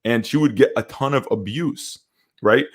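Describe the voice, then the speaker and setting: A man's voice: mid-range voice, normal speed, slightly rough. A young man co-hosting a podcast, telling personal stories in a candid, rambling way. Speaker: podcast co-host. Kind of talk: casual podcast chat.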